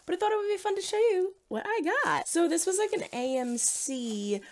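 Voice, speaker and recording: Excited chatty woman with a Jersey accent. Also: very high voice, a little hiss or hum. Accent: New Jersey. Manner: gushing, excited, chatty with quick asides. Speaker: reaction video host. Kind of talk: casual unboxing and review chat.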